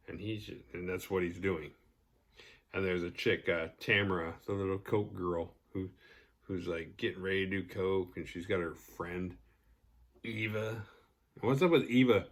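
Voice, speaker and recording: A man with a slightly low voice rambles through a casual horror movie recap. He swears freely and keeps slipping into quick character voices. He sounds tired and a touch tipsy. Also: a bit bright. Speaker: podcast host.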